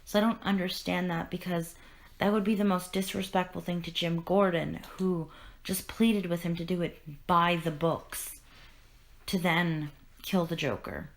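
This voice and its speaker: Podcast lady retelling a comic, earnest and emotional, lowish voice, lots of restarts. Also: fairly even intonation, a little slow. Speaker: podcast host. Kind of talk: casual comic discussion.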